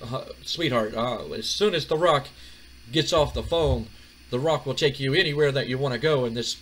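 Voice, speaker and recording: A man's voice: mid-range voice, moderate pace, a bit bright, a little hiss or hum, lightly acted. A man voicing an arrogant, egotistical wrestling star who speaks of himself in the third person. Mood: dismissive. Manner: dismissive, brash, refers to himself in third person.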